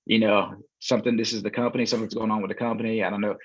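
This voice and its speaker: A man's voice: lowish voice, rapid-fire, breathy edge, dry recording. A man in casual conversation as a podcast guest, telling a long story with lots of fillers and acted-out quotes. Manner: relaxed storyteller, many fillers, acts out quoted voices. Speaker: podcast guest, real estate investor. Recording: dull, dry, lo-fi sound.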